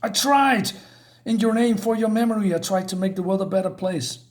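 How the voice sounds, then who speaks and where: A man's voice: high voice, fairly quick, pitched above the performer's own voice, natural voice. A man voicing a guilt-ridden grown male hero from a comic, speaking in a strained, desperate voice.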